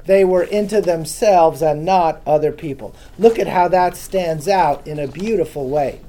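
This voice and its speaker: A man teaches from the Bible to a small gathering in a loose, conversational way. His voice is mellow and dark, and he keeps turning to the listeners with questions. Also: fairly high pitch, normal speed. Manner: casual, chatty, asks the audience questions. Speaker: preacher. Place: room with a small live audience.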